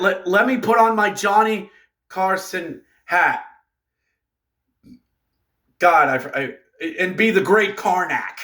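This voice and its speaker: A man ranting through a fan recap of a hockey game, exasperated and sarcastic, breaking into shouts. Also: sits high.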